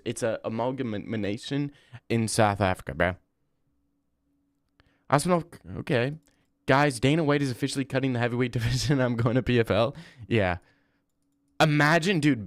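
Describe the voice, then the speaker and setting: A man's voice: medium pitch, clear, resonant tone, no echo, studio quality. A young man hosting a livestream, chatting casually and reading viewer comments, rambling and slangy. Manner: rambling, slangy, says "bro" often. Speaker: livestream host.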